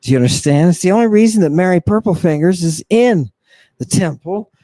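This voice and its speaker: A man's voice: high-pitched, animated, brisk, warm tone, dry recording. A man hosting an impassioned lecture, fiery and provocative, firing rhetorical questions at his listeners. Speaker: host and lecturer. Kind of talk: impassioned lecture on ancient texts.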